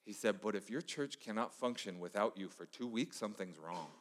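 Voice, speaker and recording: A middle-aged male pastor giving a conversational, storytelling sermon, dropping to a hush for emphasis. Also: on the low side, animated, fairly quick, slight background noise. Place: church sanctuary. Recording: echoey church hall.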